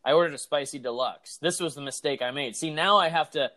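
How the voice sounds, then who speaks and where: Animated, profane young man telling a story. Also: fairly high pitch, a little fast. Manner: animated, profane, acts out his rage. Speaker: podcast co-host. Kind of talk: casual storytelling chat.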